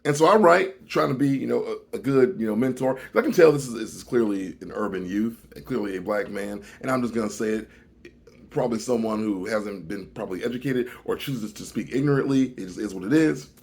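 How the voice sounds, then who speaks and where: A man telling a comedic story on his vlog, animated, swinging from loud, exaggerated lines to low mutters. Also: a little fast, creaky, husky. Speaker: vlogger.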